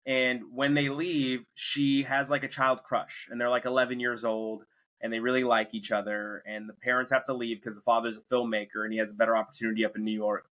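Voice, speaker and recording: A man's voice: mid-range voice, level tone, a little fast, a bit bright, poor audio. A young man hosting a podcast, casually retelling a film's plot in a rambling way. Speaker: podcast host. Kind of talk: casual movie review chat.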